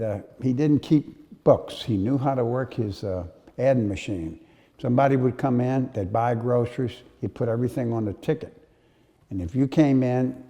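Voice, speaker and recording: An older man with a New Orleans accent, telling stories in an interview, unhurried and full of uh fillers. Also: lowish voice, dark tone. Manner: storytelling, unhurried, with frequent uh fillers. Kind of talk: reminiscing interview. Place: historic house. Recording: long hall reverb.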